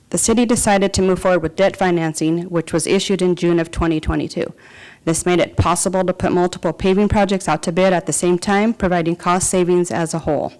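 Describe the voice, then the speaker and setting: Clear-voiced woman presenting to council. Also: lowish voice, darkish tone, poor audio. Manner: reads figures and lists steadily, with occasional fillers. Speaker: city department director. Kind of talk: presenting a report at a council meeting. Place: council chamber.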